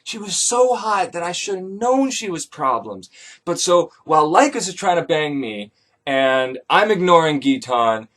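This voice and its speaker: Profane, deadpan comic narrator, a man with a slightly high voice. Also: measured pace. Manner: irreverent, profane, deadpan asides. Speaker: comedic myth storyteller. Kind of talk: casual comedic retelling.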